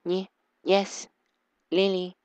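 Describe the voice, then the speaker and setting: A man reading aloud for a shy teenage schoolgirl, slow and hushed, in a slightly raised voice that keeps breaking into stammers. She sounds nervous and small, barely getting each word out, and the dry recording sits close to the ear. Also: sits high, completely flat delivery, clear, resonant tone, no room sound, highs cut off, pitched above the performer's own voice. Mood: timid. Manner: soft, halting, stammering.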